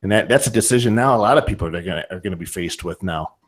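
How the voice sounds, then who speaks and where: A man's voice: sits low, rapid-fire. A man with a Northern Ohio accent hosting a podcast in a casual, conversational way, often restarting and repeating words. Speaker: podcast host.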